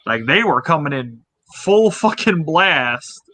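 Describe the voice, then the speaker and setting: A man's voice: on the high side, big pitch swings, slow pace, pushed and bright. A man chatting casually on a livestream, swearing a lot and telling stories animatedly. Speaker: guest streamer.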